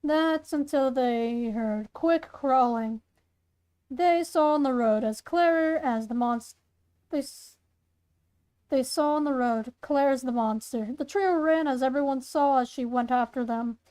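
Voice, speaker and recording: A woman's voice: high voice, a little slow, darkish tone, clear, resonant tone. A woman hosting her channel, reading her own spooky fan story aloud with chatty asides, often stumbling and correcting herself. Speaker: channel host and story reader.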